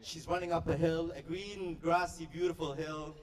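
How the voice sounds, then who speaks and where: A man performing stand-up comedy at a staff party, telling stories with quick, playful delivery and deadpan punchlines. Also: fairly high pitch, recorded from a distance, a little hiss or hum. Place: party venue before a live audience.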